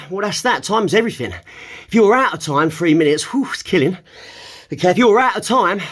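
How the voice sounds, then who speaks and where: A man talking while holding a plank, strained and out of breath, sighing between emphatic phrases that burst into shouts. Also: sits high. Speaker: fitness vlogger.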